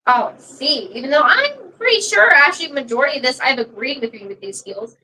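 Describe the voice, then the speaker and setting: High bright-voiced woman co-host. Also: big pitch swings, brisk, far from the mic, rough recording. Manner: agreeable, hedging. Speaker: co-host of a wrestling recap stream. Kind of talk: casual chat.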